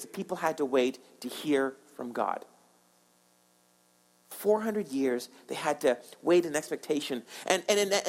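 A man with a high voice preaches a sermon to his congregation. He talks earnestly, stumbling and repeating words, and slips into voiced prayers and pleas. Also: poor audio. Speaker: pastor.

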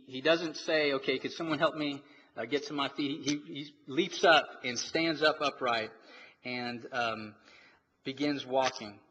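A man's voice: medium pitch, fairly bright tone, slightly rough, highs cut off. A man preaching a sermon in a church, reading scripture and explaining it with many restarts and fillers. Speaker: pastor. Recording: long reverb, faint noise.

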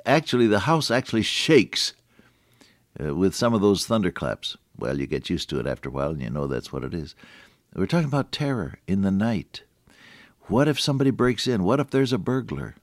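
An older man preaches a devotional radio sermon in a deep, low voice that leaps up and down with animated emphasis. He talks to the listener in a folksy, conversational way, then drops to a hush. The sound is close and dry, with no room echo. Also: fairly quick. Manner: dramatic swings between hushed lows and emphatic high points.

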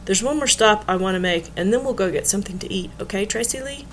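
A woman doing an easygoing man who stays calm and a little wry. His manner is relaxed and unhurried. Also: high-pitched, slight background noise.

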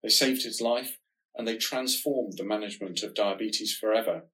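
Low-voiced nasal man. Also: moderate pace, pushed and bright, poor audio. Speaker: diabetes research podcast co-host. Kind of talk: explanatory podcast conversation.

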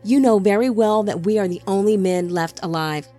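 A woman's voice: mid-range voice, normal speed, warm tone, lightly acted. A woman reading the part of a devout young man who argues earnestly with his brother, faint music behind.

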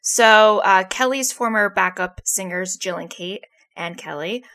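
Woman, podcast co-host, casual chat, bright and tense tone, chatty. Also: mid-range voice, measured pace. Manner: chatty, laughs easily.

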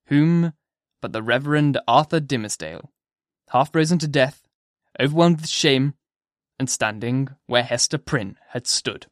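Measured male audiobook narrator. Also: medium pitch, no echo, clean studio sound. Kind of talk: scripted narration.

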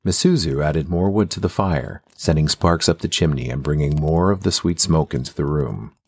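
A man narrating a fantasy audiobook with a steady, even storytelling delivery. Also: extremely low pitch, normal speed, slightly rough.

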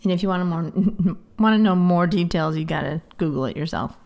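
A woman co-hosting a casual chat podcast, explaining things in a relaxed way. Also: on the low side, a little fast, highs cut off. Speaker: podcast co-host.

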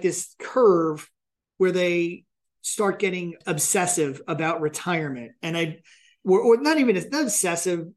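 A man in his thirties hosting a podcast interview, speaking candidly and reflectively and acting out his own thoughts in quick asides. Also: high-pitched. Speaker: podcast host and financial advisor. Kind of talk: casual conversational interview.

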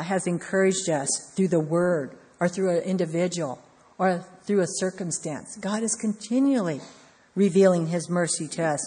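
A woman's voice: fairly low pitch, darkish tone, breathy edge. Earnest woman preaching in a hall. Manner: measured, earnest, repetitive emphasis. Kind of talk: devotional sermon. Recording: long hall reverb.

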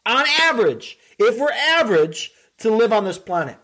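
A man's voice: sits high, sing-song, normal speed, few pauses, fairly bright tone. A middle-aged man hosting a podcast, giving an earnest motivational talk full of rhetorical questions to his listeners. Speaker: podcast host and coach.

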